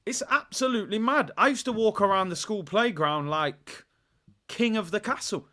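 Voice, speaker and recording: A young man, hosting a live football watchalong and chatting in a rambling, playful way. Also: normal speed. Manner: animated, rambling, playful, bursts into high shouts. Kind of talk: casual live-stream chat.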